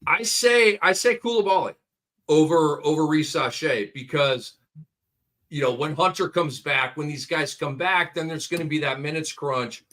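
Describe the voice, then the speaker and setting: Man, co-host, sharp forceful voice, a bit high, excitable, reels off stats. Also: moderate pace. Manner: excitable, rattles off stat lines. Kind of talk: casual fantasy basketball podcast chat.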